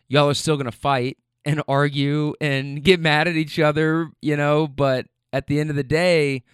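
A man's voice: mid-range voice, clear, resonant tone, no echo, clean studio sound. Earnest rideshare driver, a man. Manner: earnest, gets choked up when speaking from the heart. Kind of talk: recounting a ride to camera. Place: in a car.

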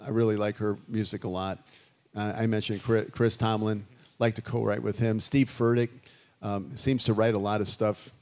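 A man's voice: fairly low pitch, normal speed. An older man, a guest musician, answering audience questions at a festival talkback in a chatty, rambling way. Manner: chatty, animated, rambling with restarts.

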